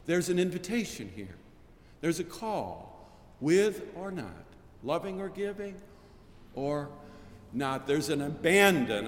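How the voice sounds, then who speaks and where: An older man preaching a sermon in a measured, rhetorical cadence, building lists and repeated phrases. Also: fairly high pitch, a bit bright. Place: large chapel. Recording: long chapel reverb.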